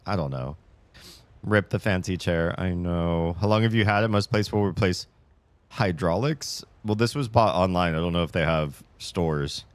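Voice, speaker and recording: A man with a low, deep voice chats casually on a livestream from his home desk, ranting in an animated, exasperated way. He reads chat messages aloud and answers them. His voice is close and dry on a desk streaming mic. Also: unhurried, no room sound.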